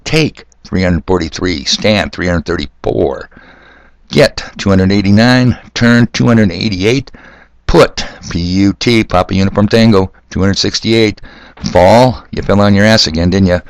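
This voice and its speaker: A man's voice: sits low, a little slow, dry recording. An older man hosting a solo podcast, talking in a sardonic, ranting way. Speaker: podcast host. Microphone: corded mic.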